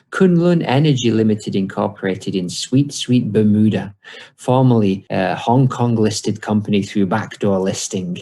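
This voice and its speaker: A man with a low, gravelly voice co-hosts a casual podcast. He delivers mock sponsor reads and dry banter in a chatty, joking way. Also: measured pace, dark tone. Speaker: podcast co-host.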